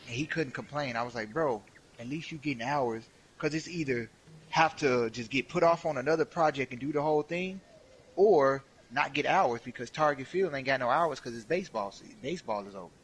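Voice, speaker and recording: A slightly fast, medium-pitched voice with some roughness carries this streamer's casual work tale. He's animated, swears, uses slang and mimics the quotes, all on a low-quality recording.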